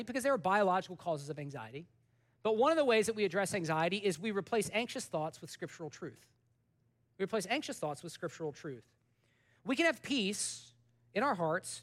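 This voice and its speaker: A pastor with a high, light voice preaches a casual, animated sermon. He talks like he is chatting with friends, jumps up for punchlines and sinks to a hush for the serious parts. He sounds like a man in his thirties. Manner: conversational, animated storytelling with sudden soft drops.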